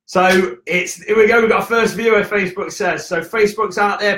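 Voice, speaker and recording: A young man from the UK chatting casually and hyperactively on a live stream, joking and telling quick stories. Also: sits high, reverberant, noisy background. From United Kingdom. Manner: hyper, jokey, quick storytelling with acted voices. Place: indoor room at home.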